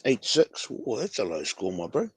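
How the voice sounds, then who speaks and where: A man's voice: fairly low pitch, wildly swooping pitch, normal speed, slightly rough, dry recording. A man with a New Zealand accent hosting a casual fan livestream, laid-back and slangy, calling everyone bro. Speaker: fan show host.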